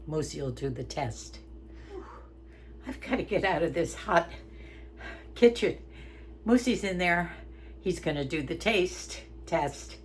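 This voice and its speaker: Chatty older woman, low voice. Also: slight background noise. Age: 80s. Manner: chatty, homey, talks through each step. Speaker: home cook vlogger. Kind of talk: casual cooking demonstration. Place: home kitchen.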